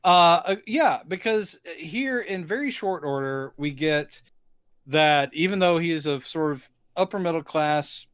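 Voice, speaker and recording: A man's voice: fairly high pitch, animated, a little slow, a bit bright, clean tone, dry recording, clean studio sound. A man co-hosting a casual film review podcast, retelling movie scenes by voicing the characters. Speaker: podcast co-host.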